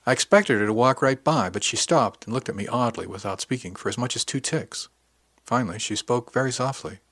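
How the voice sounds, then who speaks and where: A man narrating a first-person science fiction story in an even, wry storytelling manner. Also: medium pitch, fairly quick, dry recording. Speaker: audiobook narrator.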